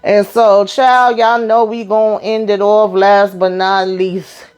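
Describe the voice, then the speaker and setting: A woman hosting her own channel and recapping a reality TV episode in a casual, animated way, swearing freely and acting out what the people on the show said. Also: mid-range voice, slow pace, clean tone.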